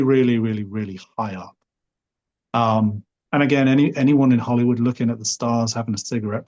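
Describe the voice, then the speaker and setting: Middle-aged Liverpool man, husky, rambling podcast-guest storyteller. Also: mid-range voice, a little mellow. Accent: Liverpool English. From Liverpool, England. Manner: rambling, hedges often with "sort of" and "you know". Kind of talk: relaxed storytelling.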